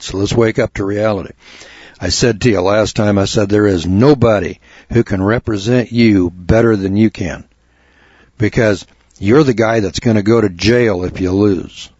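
A plainspoken man spins a folksy story on his radio talk show, repeating himself as he gets worked up. His voice sits low and a bit husky. The sound is dry and dull, like lo-fi radio audio. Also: a little mellow, dry recording.

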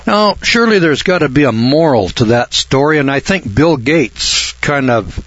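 An older man telling a folksy anecdote, halting and rambling, often clearing his throat and slowing down for the punchlines. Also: mid-range voice, lively intonation, fairly bright tone, no room sound, dull audio. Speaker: storyteller.

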